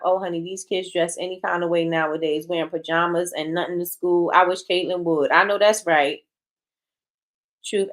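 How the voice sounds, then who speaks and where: A woman hosting a casual talk show who gives frank opinions, reads out and answers viewer comments, and repeats her points for emphasis. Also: fairly low pitch. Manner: frank and blunt. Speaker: host. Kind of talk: casual opinion talk, reading live chat.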